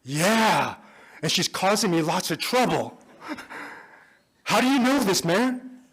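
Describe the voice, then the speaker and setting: A man acting out an astonished, curious male taxi driver while telling a story, asking excited, incredulous questions. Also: a little high, measured pace, breathy edge, voice pushed up, exaggerated voice. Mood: amazed.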